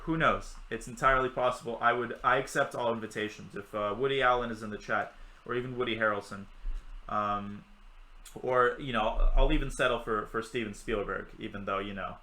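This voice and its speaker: A man's voice: mid-range voice, fairly even intonation, fairly quick, pushed and bright, rough recording. A young man giving live chess commentary on a stream, chatty and joking with his chat while he teaches.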